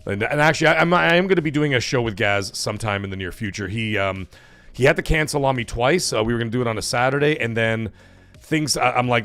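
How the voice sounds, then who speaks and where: A man's voice: medium pitch, lively intonation, fast talker, a bit bright, faint music behind. A man hosting a casual gaming livestream, chatty and rambling, laughing often as he reads chat. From Italian-American background. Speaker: livestream host.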